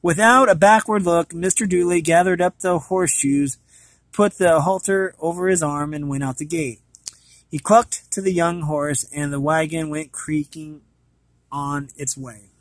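Man, storybook reader, higher voice, dry close recording, stumbles and self-corrects. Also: steady tone, a little slow, no echo. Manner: stumbling, often correcting himself mid-sentence. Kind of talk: reading a book aloud.

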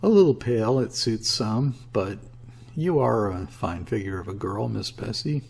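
Here is a man doing a boisterous young sailor from an audiobook, a swaggering, loud-talking fellow. His voice is low and gravelly with a husky edge, and he turns scornful and loud when he is crossed. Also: moderate pace. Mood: jaunty. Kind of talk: audiobook character reading.

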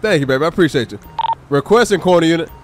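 A man's voice: fairly high pitch, rapid-fire, a little hiss or hum. A man live-streaming a police role-play game, chatting with viewers and exclaiming at the game characters. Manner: animated, exclaiming, talks to chat and game characters. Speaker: streamer role-playing a state trooper. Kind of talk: casual live-stream gameplay chat.

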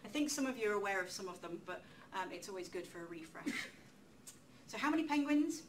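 A woman giving a public talk in a lecture room, lively and chatty, with self-deprecating asides. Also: mid-range voice, fairly quick. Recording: distant mic with faint room noise.

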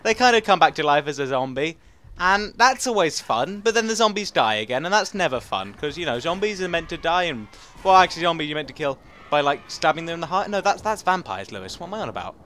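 A young man with an English accent giving casual, rambling commentary over a game, excitable and laughing often. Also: on the high side, fast, slight background noise. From England. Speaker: gaming commentator.

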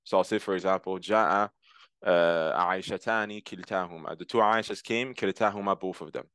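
A man with a lowish voice explains grammar step by step, slipping in words and translating each one. He repeats key terms patiently as he teaches. The recording is close and dry, with no room sound. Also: fast, fairly bright tone, smooth, dry recording.

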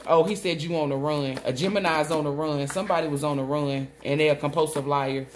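A woman giving a solo tarot reading, rambling excitedly and swearing as she relays messages she says come from a spirit. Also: low voice, brisk, background noise. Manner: swoops between loud outbursts and muttering. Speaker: tarot reader.

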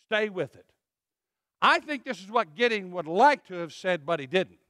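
Male pastor, bright and forceful sermon voice, dry sound, emphatic. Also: high voice, animated, moderate pace, no room sound. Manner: emphatic, swinging from loud to hushed. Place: church.

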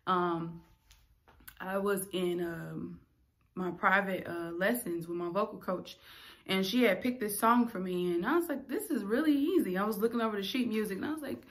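Bright-voiced woman telling a candid story. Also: medium pitch. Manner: candid, emotional, animated storytelling. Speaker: singer and vlogger. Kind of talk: personal storytelling to camera.

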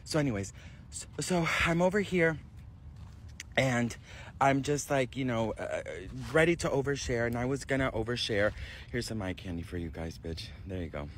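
A man's voice: medium pitch, lively intonation, normal speed, a little hiss or hum. Sassy, dramatic gossip-chatting man. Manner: sassy and dramatic, calling viewers "best friend" and "girl"; swears freely and overshares. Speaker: gossip vlogger. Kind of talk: animated celebrity gossip chat.

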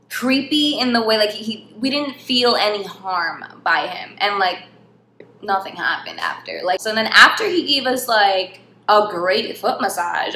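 A young woman from New York telling a funny travel story in a casual, animated way, laughing often and saying "like" a lot. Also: medium pitch. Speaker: vlog host. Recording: echoey room with faint hiss.

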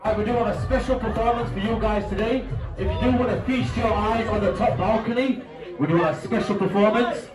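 A man emcees a party, shouting announcements to the crowd in a very high voice. He sounds distant and roomy, with loud music and crowd noise all around. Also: a little fast.

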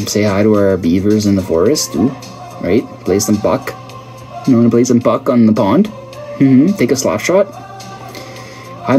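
A man's voice: lowish voice, dark tone. A man hosting a casual livestream, chatting and joking with viewers as he reads their comments. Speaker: livestream host. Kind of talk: casual live chat reading viewer comments.

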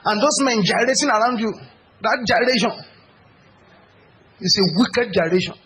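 Male preacher, higher register, punchy and repetitive delivery, faint noise behind. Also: moderate pace, rough recording. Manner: emphatic, repetitive, rises to shouted prayer. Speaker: pastor. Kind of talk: sermon.

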